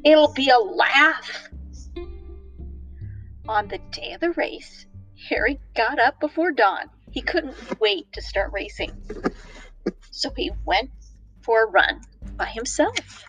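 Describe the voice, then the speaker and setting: A woman reading a storybook aloud to children in a playful, expressive way. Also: a little high, unhurried, faint music behind, rough recording.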